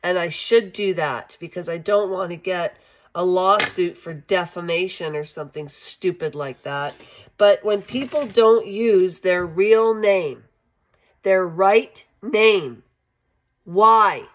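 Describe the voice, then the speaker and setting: A woman's voice: lowish voice, takes it slowly. A woman with a Canadian accent chatting casually to her viewers in a rambling vlog, calling out viewers by name. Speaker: channel host.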